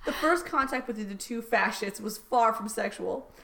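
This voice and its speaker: A woman co-hosting a comedy podcast, reading a silly explicit story aloud in a dry, deadpan way and often cracking up. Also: on the high side, moderate pace, gravelly, slight background noise. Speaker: podcast co-host reading fan fiction aloud. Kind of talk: comic read-aloud with banter.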